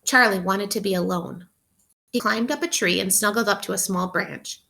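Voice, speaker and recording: A woman teacher reading a picture book aloud to children, expressively, pausing to ask them questions. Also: mid-range voice, creaky, sharp tone. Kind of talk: interactive read-aloud for children.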